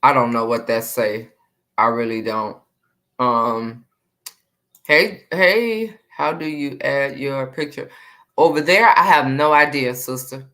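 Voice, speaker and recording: A woman's voice: a bass voice, takes it slowly, fairly bright tone. A woman hosting a casual live stream, chatting with viewers and greeting them by name with repeated hellos.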